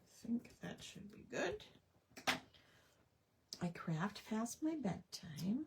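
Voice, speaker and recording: A woman's voice: medium pitch, sing-song, slow pace, gravelly, long pauses, a little mellow, slight background noise. A woman hosting a casual livestream crafting chat, talking with friends and muttering to herself as she works. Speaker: craft show host.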